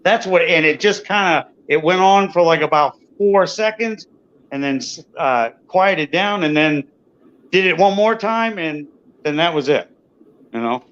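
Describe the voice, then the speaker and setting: A man's voice: a little high, animated, measured pace, fairly bright tone. A man recounting his experiences as an interview guest, hesitant and searching for words with lots of "you know". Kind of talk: casual storytelling. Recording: dull lo-fi audio.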